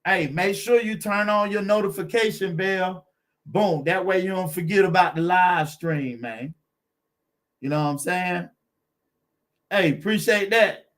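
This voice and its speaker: A man's voice: high voice, a little slow, a bit bright. A man hosting a car channel live stream, chatting with viewers in a laid-back, encouraging way and greeting them by name.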